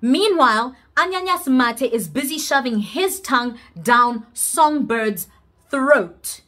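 A woman with a South African accent recounts a personal story in a storytime vlog. Her delivery is lively and dramatic, leaning hard on key words. Her voice sits a little above the usual range for a woman. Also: high-pitched, slow. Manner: animated, dramatic, emphatic. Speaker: vlogger telling a personal story.

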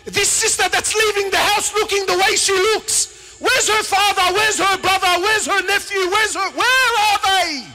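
A man preaches with fierce passion, his voice riding high and leaping across a wide pitch range. He swings from ringing shouts down to quiet, hushed asides. A long hall reverb trails behind every line. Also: expressive, measured pace. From Lebanon. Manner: peppers speech with Arabic words and casual slang. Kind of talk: passionate sermon.

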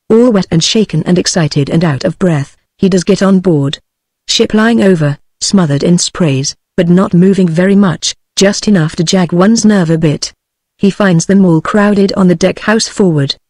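A woman's text-to-speech voice with a British English accent, reading an audiobook in an even, synthetic manner. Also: lowish voice, no room sound. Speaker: narrator. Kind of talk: audiobook narration.

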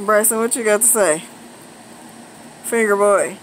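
A middle-aged woman with a fairly high voice talks slowly and playfully to small children, teasing them in sing-song baby talk. A steady air-conditioner hum runs clearly underneath the home recording. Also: poor audio. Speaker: grandmother babysitting toddlers. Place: home, indoors.

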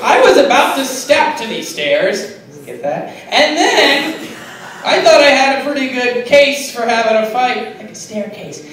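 High-voiced man doing absurd stand-up. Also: unhurried. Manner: deadpan, punny, giggling at own jokes. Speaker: stand-up comic. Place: small bar stage. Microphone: phone camera. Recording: echoey bar, phone from far off, crowd.

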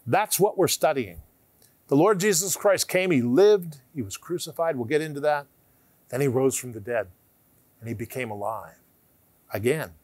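A man giving emphatic televised Bible teaching, asking rhetorical questions and sometimes dropping to a hushed tone. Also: mid-range voice, animated, moderate pace, pauses often, no room sound.

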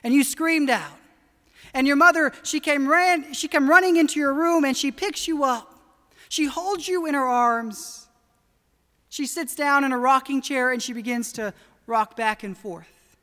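A woman pastor preaching a sermon in an earnest, deliberate way, slowing down for emphasis. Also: high-pitched, bright, forceful tone. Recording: long church reverb.

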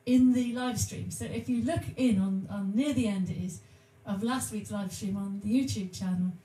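A woman's voice: mid-range voice, normal speed, dark tone. A woman co-hosting a live music stream, chatty and giggly, with enthusiastic casual banter. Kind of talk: casual chat between songs. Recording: roomy echo.

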